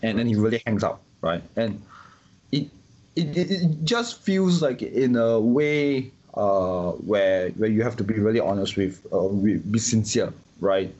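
Husky low man, halting and repetitive. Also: animated, a little mellow. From Singapore. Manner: repeats words often, many restarts and fillers. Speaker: interviewee. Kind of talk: casual opinion talk. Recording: dull lo-fi sound.

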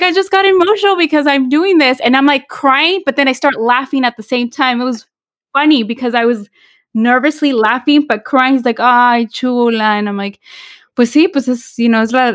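A woman's voice: high-pitched, a little fast, dry recording, studio quality. A woman, co-hosting a casual chat and rambling heartfelt, switching into Spanish. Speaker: podcast co-host. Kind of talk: casual chat among friends.

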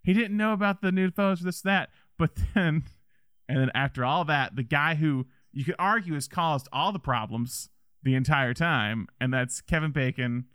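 A man's voice: on the high side, moderate pace, fairly bright tone, clear, resonant tone, no room sound, clean studio sound. A man casually chatting about a movie as a podcast co-host, rambling with many restarts and laughs.

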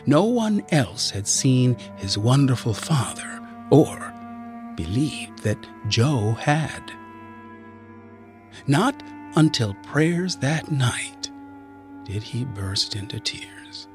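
A man reading a story aloud, with expressive, deliberate narration. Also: mid-range voice, soft background music. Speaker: reader.

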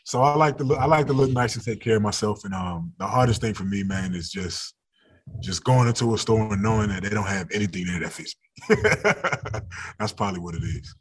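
A man's voice: lowish voice, expressive, fairly quick, slightly rough. A young adult man, a football player, talking casually in an interview, laid-back and often laughing.

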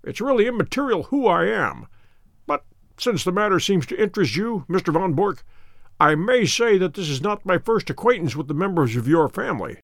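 A man voicing a calm, witty male detective who speaks with dry, courteous irony, in an audiobook reading. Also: high-pitched, brisk, gravelly, no room sound, exaggerated voice. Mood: wry.

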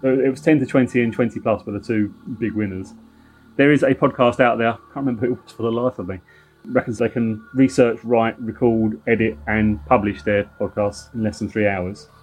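A man's voice: lowish voice, steady tone, brisk, a little mellow, slightly rough, faint music behind. A middle-aged man with a London accent, co-hosting a podcast in casual, joking banter. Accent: London English. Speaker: podcast co-host. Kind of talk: casual chat.

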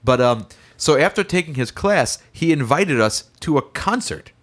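A young man in casual chat, telling a lively story and acting out the voices of people in it. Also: on the high side, moderate pace. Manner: animated, acts out voices in stories.

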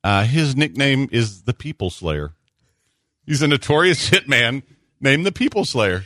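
A man hosts a sports talk show in easygoing banter. His voice is bright and lively, swinging freely in pitch as he tells stories. The sound is dry and close. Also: no echo. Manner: animated storyteller, quick asides. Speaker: sports radio host. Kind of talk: casual radio banter.

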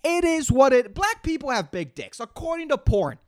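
A solo podcast host in full comedic rant mode, swearing freely and tripping over repeated words as the thoughts tumble out. The voice swings widely up and down in pitch. It sounds dry and close, with no room around it. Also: very animated, normal speed, darkish tone, no echo. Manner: profane, rambling, repeats words while searching for them; exasperated, calls out to an imagined listener.

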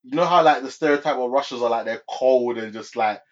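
A man's voice: mid-range voice, fast talker. A man co-hosting a casual film chat, hesitant and often restarting his sentences. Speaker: podcast co-host. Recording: dull lo-fi sound.

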